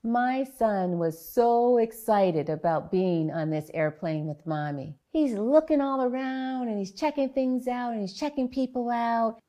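A woman researcher giving a prepared public talk in a measured, earnest storytelling manner. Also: on the high side, animated, dark tone.

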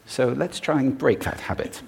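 A man giving a talk on stage to a live audience, playful and expressive, demonstrating vocal techniques as he speaks. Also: mid-range voice, normal speed, gravelly.

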